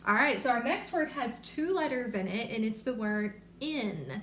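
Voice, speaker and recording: A woman teaching a remote reading lesson to young children, sounding out letters and words slowly and clearly. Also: fairly high pitch, animated, a bit bright. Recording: echoey room with faint noise.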